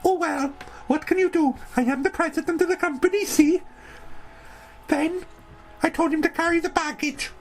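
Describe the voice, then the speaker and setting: A woman's voice: extremely high pitch, normal speed, pauses often, rough recording. A woman narrating a comic audio story in character, talking in a brash, boastful, rambling way.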